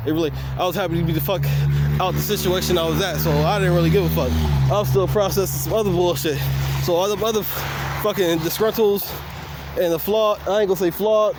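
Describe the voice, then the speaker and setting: A man's voice: high voice, darkish tone, a little hiss or hum. A man vlogging, telling a story in a casual monologue. He is profane and blunt, laughs often, and acts out the quoted dialogue.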